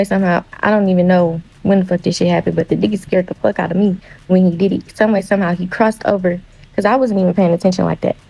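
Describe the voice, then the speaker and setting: A young woman with a gravelly, fry-heavy voice tells her story in a plain, casual way. She is blunt and curses freely, and she acts out both sides of a heated argument as she goes. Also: fairly low pitch, a little mellow, rough recording. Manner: blunt and profane, reenacting quoted arguments. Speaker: storyteller in a viral video. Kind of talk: casual first-person storytelling.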